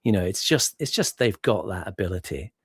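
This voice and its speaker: Man, casual chat, deep low voice, hesitant, repeats himself, dry close sound. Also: expressive, a little fast, husky, no echo. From England. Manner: hesitant, many restarts and fillers, laughs often. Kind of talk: casual conversation.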